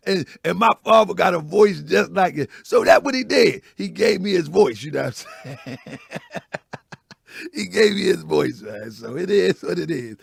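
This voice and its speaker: A man with a raspy, gravelly voice hosts a casual morning talk show, telling stories loudly and with a lot of animation. His voice sits high for a man. The recording is dry and close, with no room sound. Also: a little slow, pauses often, dry recording. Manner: loud, animated storytelling with laughs. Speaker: host.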